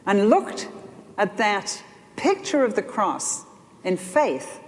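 An older woman preaching a sermon, telling stories in an animated way that swings between loud and soft. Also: medium pitch, slow pace. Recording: long hall reverb.

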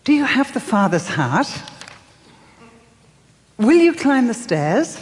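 An older woman giving a sermon, telling her story softly with dramatic pauses and acting out the voices she quotes. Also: a little high, sing-song, big-room sound. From England. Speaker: speaker.

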